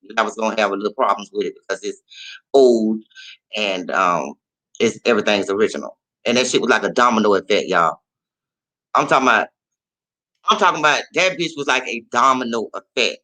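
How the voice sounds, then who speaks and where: Animated, profane storytelling man. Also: on the low side, a little fast, rough recording. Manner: animated, profane, repeats phrases. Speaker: vlogger. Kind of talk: casual storytelling.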